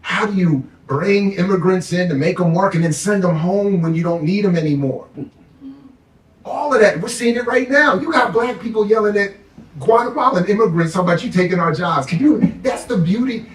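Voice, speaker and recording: A man giving an impassioned panel talk as a guest professor, animated and emphatic, now and then mocking others in put-on voices. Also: sits high, fairly quick. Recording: echoey room, mic at a distance.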